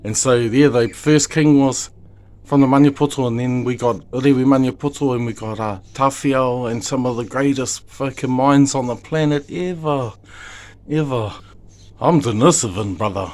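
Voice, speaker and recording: New Zealand dad, mid-pitched, emotional and rambling plea to camera, heavy swearing. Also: male voice, moderate pace, a little mellow. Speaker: father; video maker. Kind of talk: impassioned direct-to-camera monologue.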